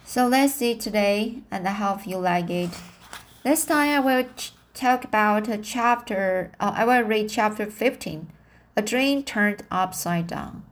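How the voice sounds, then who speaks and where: A woman reading a novel aloud as an amateur audiobook, halting and self-correcting as she practices her English. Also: mid-range voice. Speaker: reader of a novel.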